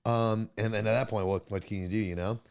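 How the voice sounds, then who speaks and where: A young man co-hosting a podcast in casual chat, a bit hoarse, laid-back, swearing often and laughing a lot. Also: fairly low pitch, steady tone, fairly quick. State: hoarse from laryngitis. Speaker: podcast co-host.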